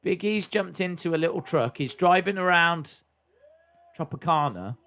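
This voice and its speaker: A man's voice: fairly high pitch, lively intonation, normal speed, a bit bright. A man hosting a live stream, chatting casually as he reacts to a wrestling show and reads viewer comments aloud.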